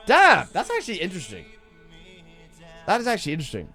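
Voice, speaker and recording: A man's voice: high voice, huge pitch swings, fast, pushed and bright. A man streaming a game, muttering asides, thanking viewers and reacting casually to a tutorial video. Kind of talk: casual live-stream commentary. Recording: faint background music.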